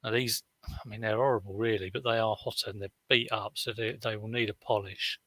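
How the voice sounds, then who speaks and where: A man's voice: lowish voice, fairly even intonation, brisk, sharp tone. A man, chatting casually on a live stream as a reseller, rambling through stories with many fillers and restarts. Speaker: reseller vlogger.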